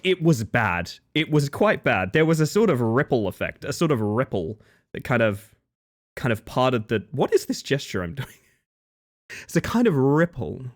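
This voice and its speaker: A man streaming live, chatting casually and greeting his chat one by one with playful, jokey asides. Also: mid-range voice.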